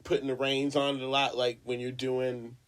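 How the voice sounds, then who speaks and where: A man hosting a podcast interview who talks in a halting way, full of fillers. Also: mid-range voice, little pitch movement. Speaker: podcast host. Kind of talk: casual interview chat.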